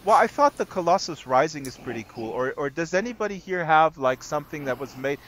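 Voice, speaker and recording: A man's voice: on the high side, lively intonation, brisk, a bit bright, slight background noise. A man hosting a casual live stream chat in a virtual world, playful and joking with a rowdy group. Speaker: host.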